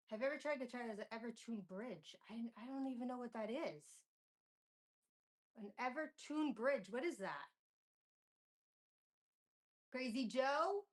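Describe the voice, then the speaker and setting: A woman runs her first live stream in a casual, bubbly way, sounding nervous and often repeating herself as she talks to viewers. Her voice sits fairly high. The mic is not attached, so a slight echo colors the sound. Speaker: streamer hosting a live chat. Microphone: camera or built-in mic, mic not attached. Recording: echoey room sound from a detached mic.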